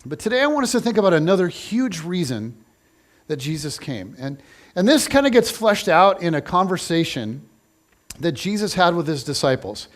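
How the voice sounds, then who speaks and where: A man's voice: sits high, sing-song, normal speed. A man preaching a casual, conversational sermon, playful and chatty, acting out little scenes. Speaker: pastor.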